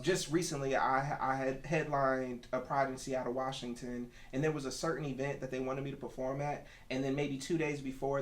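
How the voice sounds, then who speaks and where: A man who grew up in North Carolina, a guest musician telling stories in a casual podcast chat, animated and laughing often. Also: mid-range voice. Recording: echoey room.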